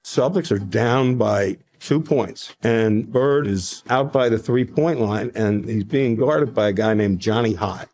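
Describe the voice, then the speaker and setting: A man telling a sports anecdote in a measured storytelling manner. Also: on the low side, darkish tone. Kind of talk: narrated anecdote.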